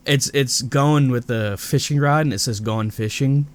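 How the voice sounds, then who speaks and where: A man's voice: mid-range voice, moderate pace. A young man co-hosting a casual podcast, telling stories with lots of laughs and acting out the people he quotes. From Indiana. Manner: animated storyteller, acts out quoted people, laughs often. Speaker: podcast co-host. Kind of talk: casual chat.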